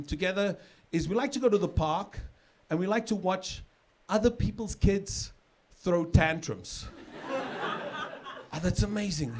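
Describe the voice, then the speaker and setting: A middle-aged man from South Africa doing a stand-up comedy set on stage, chatty and loose, with sudden shouted punchlines. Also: sits high, slight background noise. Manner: conversational, with filler repeats and sudden shouted punchlines. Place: comedy stage with a live audience. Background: audience laughter.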